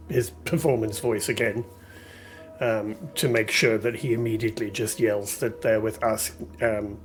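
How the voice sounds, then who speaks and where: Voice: mid-range voice, a little mellow. Brief: casual, jokey role-play player, mid-range voice.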